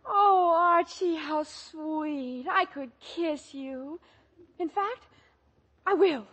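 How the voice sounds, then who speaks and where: A woman's voice: extremely high pitch, normal speed. Betty, a gushing teen girl. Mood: swooning. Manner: breathless, gushing, swooping. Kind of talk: 1940s radio acting.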